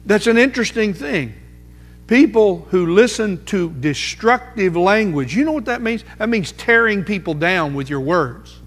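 A man preaching a sermon, emphatic, slowing down to repeat key phrases for weight. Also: high-pitched, lively intonation, slightly rough. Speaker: pastor. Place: church sanctuary. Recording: music under voice, long hall reverb.

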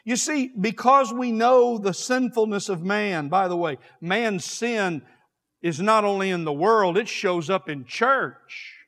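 Impassioned preacher in an echoing hall. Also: male voice, high-pitched, slow. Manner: impassioned preaching, swings from quiet to shouting. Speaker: pastor. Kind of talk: sermon. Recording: long hall reverb.

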